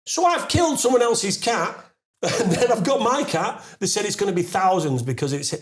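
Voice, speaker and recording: At normal speed, an Englishman in his forties shares a long anecdote as a guest on a podcast. His animated telling is full of fillers, restarts and casual swearing, and it builds louder and higher until he's laughing in disbelief through the punchline.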